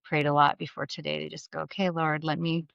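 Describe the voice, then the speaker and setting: A middle-aged woman as a podcast guest, telling candid, animated stories and acting out the voices she quotes. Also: sits low, quick pace, vocal fry, dry recording. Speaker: guest, mortgage business leader. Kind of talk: candid storytelling interview. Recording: slightly dull studio sound.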